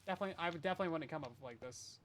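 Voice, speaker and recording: A man's voice: a little high, very fast, fairly bright tone, slight background noise. A man giving rambling, self-deprecating commentary while playing a survival game on a stream. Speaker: Minecraft streamer. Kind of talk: casual gameplay commentary.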